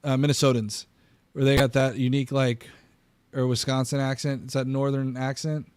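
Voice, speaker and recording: A man's voice: mid-range voice, flat delivery, moderate pace, a little mellow, clear, resonant tone, no room sound. A man hosting a political commentary stream, arguing emphatically with frequent restarts. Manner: argumentative, emphatic, restarts and stammers. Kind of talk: casual reaction commentary.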